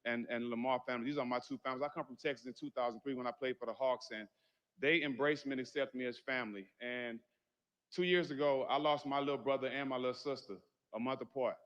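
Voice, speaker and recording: A man's voice: medium pitch, steady tone, quick pace, a bit bright. A middle-aged man giving an earnest, heartfelt funeral eulogy, speaking directly to the grieving family in a large hall. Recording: muffled audio with long hall reverb.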